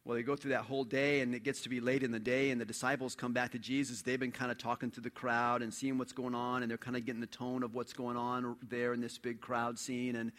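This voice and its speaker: A man preaching a sermon in an animated storytelling way, dropping to a hush and then rising loud. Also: mid-range voice, fast talker, hardly any pauses. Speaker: pastor.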